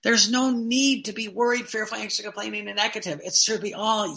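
A man preaching in a high voice, leaning on repeated phrases and rhetorical questions. His tone is bright and a little tense, and he teaches with steady conviction. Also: fairly quick, vocal fry, hardly any pauses. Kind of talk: devotional teaching talk.

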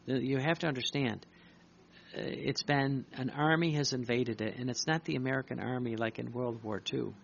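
A man's voice: medium pitch, steady tone, moderate pace, gravelly, slight background noise. A man preaching urgently, reading devotional writings aloud and breaking off to comment, repeating his points for emphasis. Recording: dull lo-fi recording.

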